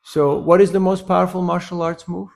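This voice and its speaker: A gravelly, high-sitting male voice moves a little fast as this temple lecturer tells a humorous story during a devotional class. He laughs at his own jokes and keeps prompting the audience with "huh?"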